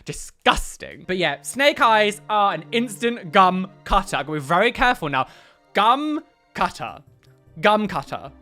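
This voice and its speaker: A young man hosting a reaction video, animated and exclamatory with frequent laughs. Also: high voice, measured pace, soft background music. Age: young adult. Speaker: YouTube reaction host. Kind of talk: reaction commentary.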